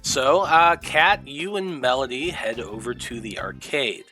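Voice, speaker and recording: Bright-voiced man running a tabletop game. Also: mid-range voice, measured pace, faint music behind. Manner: relaxed, full of fillers, upbeat. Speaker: game master.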